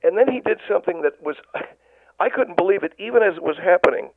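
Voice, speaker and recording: A man playing a whiny, gravelly mask-refusing caller. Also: sits high, lively intonation, quick pace, dry recording, exaggerated voice. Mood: indignant. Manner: rambling, stammering restarts, whiny disbelief. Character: indignant middle-aged male caller who refuses masks. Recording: tinny phone line.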